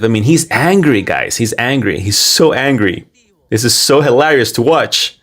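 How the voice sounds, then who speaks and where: A man's voice: medium pitch, lively intonation, moderate pace, fairly bright tone. A man narrating over social media clips in a mocking, indignant tone as a channel host.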